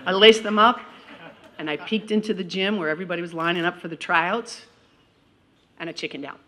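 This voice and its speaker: A woman's voice: on the low side, fairly even intonation, a little fast, fairly bright tone. A middle-aged woman giving a graduation speech, telling stories with self-deprecating humor and calling out people in the audience. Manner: calls out audience members directly. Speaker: commencement speaker. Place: graduation ceremony.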